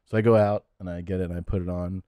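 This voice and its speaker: Give me a relaxed male podcast host chatting, lowish voice, dry close sound. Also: fast, smooth, dry recording. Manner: relaxed storytelling with fillers. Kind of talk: casual chat.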